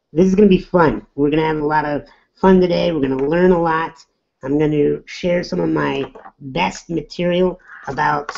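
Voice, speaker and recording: A man's voice: on the high side, vocal fry, a little mellow. A middle-aged man hosting a webinar, chatty and upbeat, greeting people by name as they join. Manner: upbeat, chatty, reads out names. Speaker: webinar host. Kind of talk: casual webinar welcome. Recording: dull lo-fi web audio.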